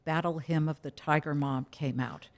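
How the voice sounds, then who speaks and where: Middle-aged female anchor, slightly low voice, frank, animated storyteller. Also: moderate pace. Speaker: TV news anchor, guest. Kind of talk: casual interview conversation.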